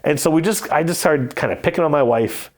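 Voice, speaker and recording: A man hosting a board game podcast, telling stories and giving opinions in a casual, animated way. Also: a little high, a little fast. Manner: animated anecdotal storytelling. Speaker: podcast host reviewing board games. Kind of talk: casual chat.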